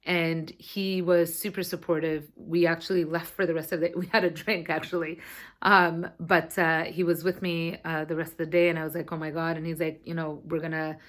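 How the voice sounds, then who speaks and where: A woman in her thirties telling a personal story to her camera in a chatty, animated way, sometimes swearing. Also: lowish voice, normal speed. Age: 30s. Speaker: vlogger.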